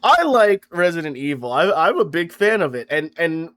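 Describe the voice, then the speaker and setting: Young male vlogger, high-pitched, deadpan-sarcastic comic rant, profane, stammers and restarts. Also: moderate pace. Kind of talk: comedic rant to camera.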